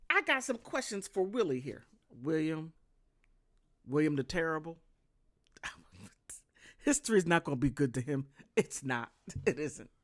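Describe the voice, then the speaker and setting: An American woman giving casual, sarcastic commentary, often laughing. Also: sits low. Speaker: vlogger.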